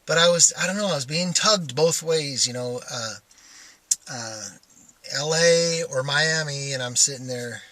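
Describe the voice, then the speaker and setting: Bright-voiced man rambling through a vlog. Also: fairly high pitch, a little slow. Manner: meandering, stops and restarts, thinks aloud. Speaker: vlogger.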